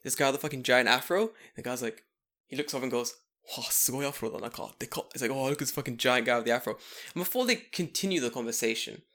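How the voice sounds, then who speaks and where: A man telling stories on a casual podcast chat, animated, swearing often and laughing as he acts out the people he quotes. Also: mid-range voice, fast. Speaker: podcast co-host.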